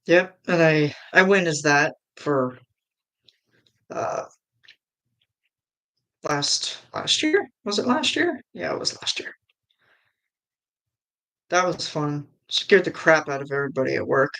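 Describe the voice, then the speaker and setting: An adult livestream host chatting casually with viewers, enthusiastic and quick to giggle. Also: mid-range voice, sing-song, bright, forceful tone.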